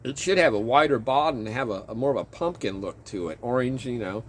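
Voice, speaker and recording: A home gardener who vlogs talks a bit quickly in a mid-range voice, chatting casually outdoors in his garden with slight background noise. He meanders, chuckles, and keeps interrupting himself in a relaxed way.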